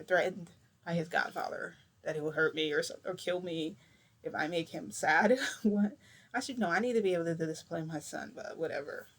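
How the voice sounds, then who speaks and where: Chatty woman rambling through a story. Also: low voice. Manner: rambling, chatty, full of filler "like"s. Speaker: vlogger. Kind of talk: casual storytelling to camera.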